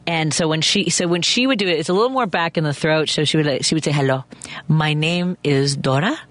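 A woman's voice: sits low, lively intonation, fast, fairly bright tone, no room sound. A woman with a Chicago accent, hosting a radio talk show and telling stories in a chatty, rambling way. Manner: chatty, storytelling, many restarts. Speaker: radio talk show host and stand-up comic.

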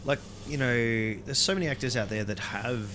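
A man co-hosting a casual film podcast, telling stories in an excitable way. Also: mid-range voice, normal speed, background noise. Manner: animated, excitable storyteller. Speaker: podcast co-host.

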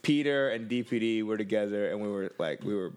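A man's voice: fairly low pitch, fairly quick, a little mellow, clean tone. A man telling a story in casual chat, rambling, restarting his sentences and laughing as he goes.

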